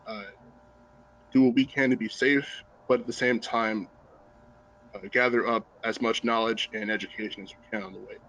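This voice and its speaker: A man's voice: medium pitch, a bit bright, low-quality recording. A young man hosting a student panel over a video call, introducing guests earnestly and politely. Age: young adult. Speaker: student host. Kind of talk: hosted panel talk.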